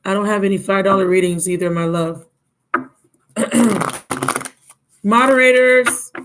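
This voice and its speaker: A woman's voice: lowish voice, flat delivery, quick pace, rough recording. A tired woman giving a casual, blunt tarot reading on a live stream, calling the viewer baby and my love. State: drained and yawning. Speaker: tarot reader.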